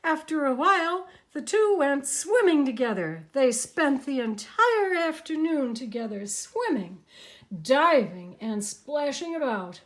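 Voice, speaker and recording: A woman narrating a picture book aloud with an expressive, animated delivery. Her voice sits fairly high and swings widely through each line, and she takes her time. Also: a little slow. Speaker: storybook narrator.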